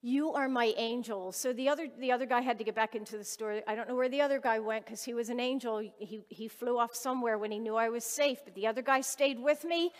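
A woman with a high voice preaches from a personal story, earnest and conversational. Her words ring out with a long reverb, like a church hall. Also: fast talker, hardly any pauses. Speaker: lay preacher.

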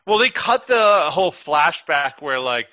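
A man's voice: fairly high pitch, big pitch swings, unhurried, bright, forceful tone, no echo. A man co-hosting a podcast in casual chat, hesitant and hedging, with many filler words. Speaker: podcast co-host. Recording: dull, dry lo-fi mic.

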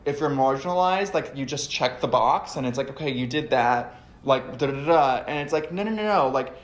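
A man in casual podcast chat as a guest, animated and swearing freely, slipping into exaggerated voices when quoting people. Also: mid-range voice, normal speed. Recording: roomy echo.

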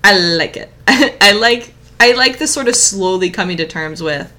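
A woman co-hosting a casual review chat, animated and laughing often. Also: mid-range voice, normal speed, few pauses. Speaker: podcast co-host.

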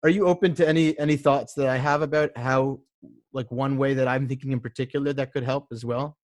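A man's voice: medium pitch, fairly even intonation, a little fast, no echo, clean studio sound. A man coaching a client in a casual conversation, talking thoughtfully with many restarts and fillers.

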